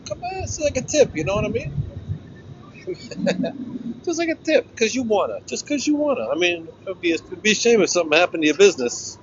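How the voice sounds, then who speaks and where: A man's voice: sits high, big pitch swings, brisk, muffled recording, background noise, pitched above the performer's own voice. A man putting on an Italian-American New York mobster voice, politely threatening extortion. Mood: wheedling. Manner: menacing with mock politeness, sly threats. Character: smooth-talking male mob extortionist. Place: outdoor deck of a river ferry.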